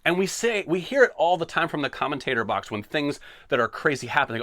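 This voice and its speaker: A man hosting a solo podcast, talking in an animated, sarcastic, tongue-in-cheek way. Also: on the high side, fairly quick, few pauses, no echo, clean studio sound. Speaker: podcast host. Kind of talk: opinionated solo podcast rant.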